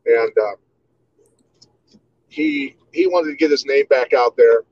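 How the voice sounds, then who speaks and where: A man in his fifties from Iowa, telling stories as an interview guest in a relaxed way, with many "you know"s. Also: mid-range voice, slow pace, lo-fi sound. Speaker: guest, martial artist. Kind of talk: casual interview storytelling.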